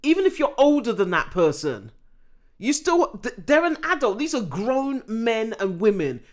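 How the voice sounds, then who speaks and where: Animated woman, opinionated chat. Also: fairly high pitch, normal speed. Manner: animated, opinionated, with frequent restarts. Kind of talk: casual chat.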